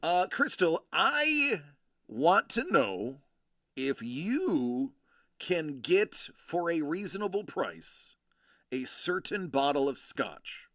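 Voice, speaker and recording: Forties guy from buffalo hosting a live show, bright voice, dry close sound, rambly. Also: a little high, slow pace, no echo. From Buffalo, New York. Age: 40s. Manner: rambling, animated storytelling with fillers and restarts. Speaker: host of a collectibles live show. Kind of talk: casual live-stream chat.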